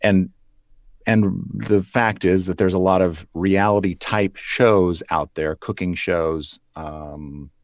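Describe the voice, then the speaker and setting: Deep-voiced man telling studio stories. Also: steady tone, slow, no echo. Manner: loose, rambling with restarts and chuckles. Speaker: puppeteer guest. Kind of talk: relaxed interview answers.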